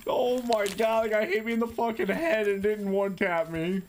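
A male streamer chatting with a teammate during a shooter game, excitable and swearing a lot, sometimes shouting. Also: sits high, moderate pace. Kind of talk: gaming chat with teammate.

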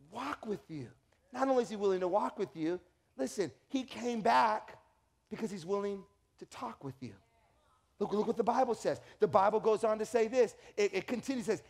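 Male pastor, high voice, lively sermon delivery with acted-out quotes. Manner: animated storytelling with acted quotes and repeated restarts.

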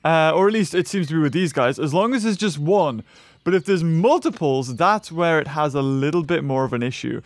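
A man giving excitable gameplay commentary, laughing and yelping at the on-screen action. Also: a little high, loud music behind the voice. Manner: shrieks and laughs at the action, fast chatter. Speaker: gaming YouTuber.

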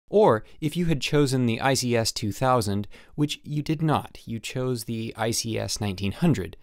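Animated male audiobook narrator. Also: mid-range voice, no echo, studio quality. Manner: animated, emphatic on the product name. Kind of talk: first-person audiobook narration of a letter. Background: faint background music.

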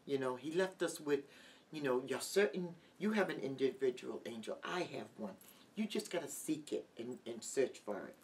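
Middle-aged woman guest, halting heartfelt testimony, mic set back with faint hiss. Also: a bass voice, expressive, a little mellow. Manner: halting, heartfelt, with many restarts. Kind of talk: emotional personal testimony. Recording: distant mic with light background noise.

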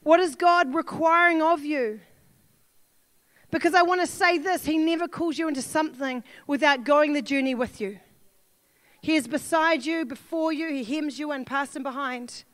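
A woman pastor with a New Zealand accent preaching a sermon, earnest and pleading, building at times to shouts. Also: high-pitched, no room sound.

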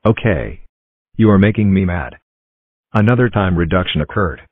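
A stern, flat-voiced male robot , as a man voices it, that issues warnings in a deep tone. The sound is dry and tinny, like a phone line. It speaks with a mechanical, threatening edge. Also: moderate pace. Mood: irritated. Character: stern robot error figure, male, grows angry.

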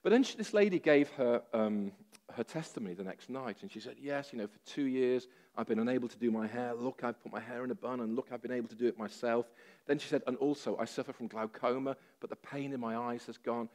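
A man preaching a sermon, telling a story with lively, self-deprecating humor and many fillers. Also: medium pitch, fast.

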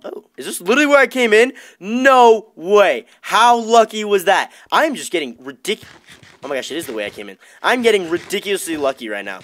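A young man commentating his own Minecraft let's play as its gaming host, excitable and chatty with his viewers. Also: mid-range voice, dry recording, clean studio sound. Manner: hyped, excitable, talks to viewers as dudes. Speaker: gaming YouTuber.

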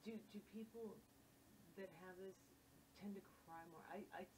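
A woman's voice: mid-range voice, steady tone, moderate pace, noisy background. A woman in a workshop audience, asking a question hesitantly, stumbling over her words. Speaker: workshop participant. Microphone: far from the microphone. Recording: off-mic with group chatter.

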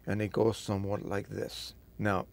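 Gravelly low-voiced man reading with asides. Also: monotone, normal speed, a little mellow, dry recording. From Spain. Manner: chatty, emphatic asides. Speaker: photo printing video host. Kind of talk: reading an old post aloud with commentary.

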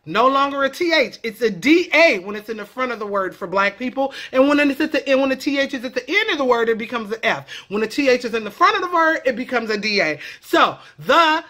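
A woman vlogger explaining her way of talking in a casual comedic vlog, with animated, profane, playful banter. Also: high-pitched, a little fast, few pauses.

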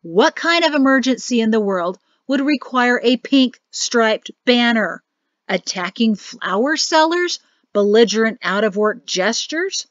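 Woman reading as a weary male army officer, grumbling, exasperated, fairly high voice, dry sound. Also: animated, unhurried, dry recording. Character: exasperated male army major, son-in-law. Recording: dry, slightly muffled audio.

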